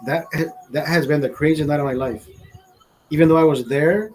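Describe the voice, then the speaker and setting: A man's voice: fairly high pitch, steady tone, normal speed, a little mellow, low-quality recording. A man in his forties from Honduras telling a rambling, profane story in casual chat, laughing as he goes. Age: 40s. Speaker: podcast host.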